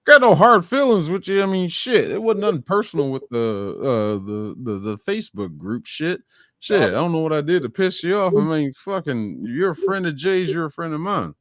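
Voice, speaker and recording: A man hosting a casual live stream, ranting about a TV show with heavy swearing, flipping between loud outbursts and low mumbles. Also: big pitch swings, moderate pace, no echo, studio quality. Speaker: stream host. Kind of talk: profane ranting show recap.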